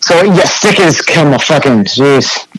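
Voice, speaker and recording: Young New England man, casual podcast guest, slightly high voice, faint hiss behind. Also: expressive, unhurried. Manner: laid-back, heavy swearing, lots of fillers. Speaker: podcast guest, graffiti artist. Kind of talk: casual storytelling chat.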